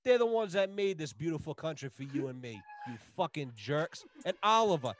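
Loud swearing man, high voice. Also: sing-song, a little fast, a little hiss or hum. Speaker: podcast guest. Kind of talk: casual profane rant.

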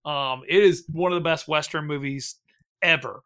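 A man's voice: fairly high pitch, moderate pace, sharp tone, clear, resonant tone. Rambling laughing man hosting a podcast. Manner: rambling, laughing, swearing, lots of ums. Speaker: podcast host running a bracket vote. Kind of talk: casual chat.

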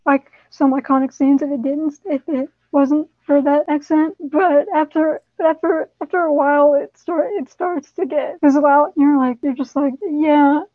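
A woman's voice: sits high, fairly even intonation, moderate pace, hardly any pauses, no echo. A woman guest on a casual fan podcast, hesitant and stammering with many restarts. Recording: tinny phone-like line.

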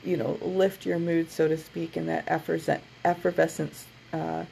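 A woman's voice: deep voice, flat delivery, normal speed, creaky, mellow, a little hiss or hum, low-quality recording. A woman co-hosting a podcast, chatting casually with many fillers and then leading into a guided meditation. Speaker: podcast co-host.

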